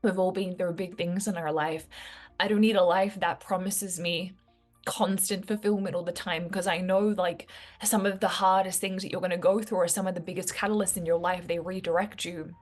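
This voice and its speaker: A woman talking to her viewers in a heartfelt, reflective way, full of casual fillers. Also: lowish voice. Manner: earnest, reflective, many fillers like "like". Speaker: vlogger. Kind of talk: heartfelt personal talk to camera.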